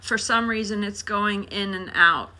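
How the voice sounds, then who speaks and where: Slow, bright-voiced woman co-host. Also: mid-range voice. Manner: patient, explaining, reading the chat. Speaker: live stream co-host. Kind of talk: casual live chat.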